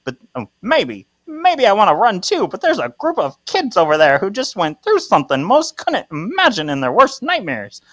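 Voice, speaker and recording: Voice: medium pitch, huge pitch swings, moderate pace, few pauses, fairly bright tone, no room sound. A podcast co-host putting on an old-fashioned tough-talking man with a trans-Atlantic lilt and 1940s slang. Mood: earnest. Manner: 1940s film slang, clipped and brash.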